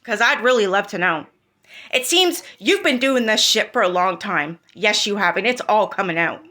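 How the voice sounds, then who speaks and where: Indignant, foul-mouthed woman with a bright voice. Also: medium pitch, lively intonation, moderate pace. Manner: indignant, profane, rhetorical questions. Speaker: commentary channel host. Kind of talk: heated commentary on online drama.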